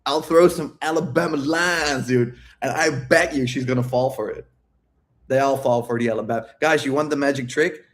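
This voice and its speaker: A man's voice: medium pitch, steady tone, brisk. A man who works as a dating coach, talking brashly in a casual livestream Q&A. He swears freely and laughs often. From outside the United States.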